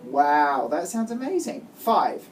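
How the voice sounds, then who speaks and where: Low-voiced woman teaching guitar, encouraging. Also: sing-song, slow pace, a little mellow. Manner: encouraging, praising and giving step-by-step instructions. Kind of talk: one-on-one music lesson. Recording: distant mic with guitar playing.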